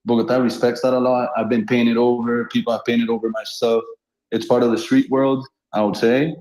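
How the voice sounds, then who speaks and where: A man's voice: mid-range voice, fairly quick. Laughing storyteller man in a roomy space. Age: 30s. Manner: animated anecdotes, laughs often. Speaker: guest street artist. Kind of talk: casual storytelling. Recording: roomy echo.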